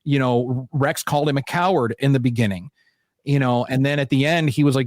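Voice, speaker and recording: A man co-hosting a casual fan podcast, talking in an animated, jokey and profane way. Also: medium pitch, brisk, no room sound, clean studio sound. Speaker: podcast co-host. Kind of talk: casual chat.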